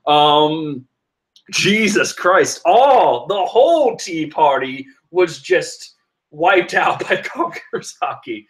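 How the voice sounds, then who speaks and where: A man giving casual, excitable commentary while reading a comic chapter, rambling and laughing often. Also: on the high side, takes it slowly. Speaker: manga reaction vlogger.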